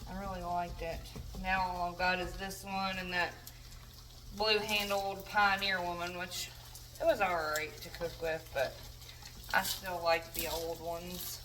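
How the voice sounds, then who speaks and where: A woman's voice: on the low side, flat delivery, a little slow, recorded from a distance, background noise. A young woman chatting casually while cooking in her home kitchen, rambling with self-deprecating asides. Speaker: home cook vlogger.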